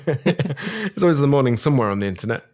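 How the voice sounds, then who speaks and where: A man's voice: medium pitch, big pitch swings, fairly quick, a little mellow. A man hosting a tech podcast, chatting casually and joking with his guests. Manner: playful, jokey, laughs easily. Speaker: podcast host.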